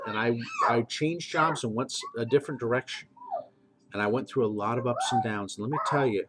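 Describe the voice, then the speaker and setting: A man's voice: mid-range voice, a little fast, noisy background. A middle-aged man and game master, talking earnestly in a preachy monologue and repeating phrases for emphasis.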